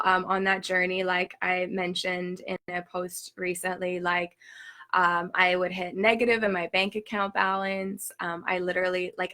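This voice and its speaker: Brief: young woman host, bright clear tone, chatty and animated, filler-heavy live-stream storytelling. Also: fairly low pitch. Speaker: spiritual teacher hosting a workshop. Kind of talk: casual storytelling talk. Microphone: live stream, reads viewer comments.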